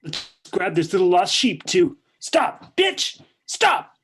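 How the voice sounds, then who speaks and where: A woman's voice: fairly high pitch, very animated, normal speed, slight background noise. A woman voicing a brutal, vulgar male riot policeman in a staged play reading, barking orders with a sneer. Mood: vicious.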